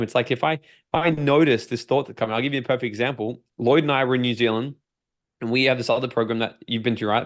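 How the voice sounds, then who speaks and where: A man with an Australian accent speaks as a podcast guest at a mid-range pitch. He is a personal development coach who talks with lively energy and swears freely. He often slips into the voice of his own inner doubts.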